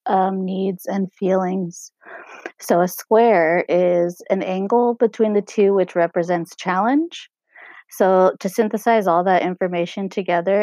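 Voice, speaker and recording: A young woman talking on her own podcast in a casual, rambling way, full of "um" and "like", her throat hoarse and scratchy. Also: fairly low pitch, mellow, no room sound. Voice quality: husky. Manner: meandering, lots of fillers like "um" and "like". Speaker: podcast host. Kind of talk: casual solo podcast talk. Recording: dry, muffled home recording.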